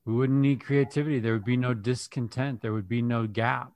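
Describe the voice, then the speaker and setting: A man's voice: mid-range voice, steady tone, fairly quick, darkish tone, no echo. A man hosting a podcast, asking reflective questions and often restarting his words as he thinks. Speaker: podcast host. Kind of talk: podcast interview.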